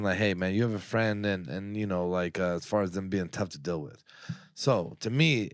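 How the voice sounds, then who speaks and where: A medium-pitched man co-hosts a podcast, telling a story in blunt, profane, worked-up casual chat. He's openly annoyed, and there's no echo on his voice.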